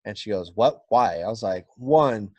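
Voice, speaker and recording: A man's voice: on the low side, a little fast, dark tone, dull audio. Blunt, profane Californian man telling stories. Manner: profane, blunt, laughing storyteller. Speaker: podcast guest. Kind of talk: casual storytelling.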